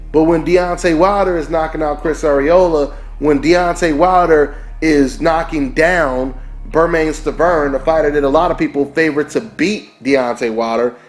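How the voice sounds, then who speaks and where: A man hosting a boxing channel, delivering an emphatic opinion rant that keeps repeating its points and asking "right?". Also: fairly high pitch. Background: faint background music.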